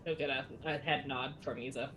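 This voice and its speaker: A woman's voice: a bass voice, fairly even intonation, fairly quick, fairly bright tone. A woman playing in a tabletop game, chatty and thinking aloud about the rules. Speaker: player. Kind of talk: casual tabletop play. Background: music.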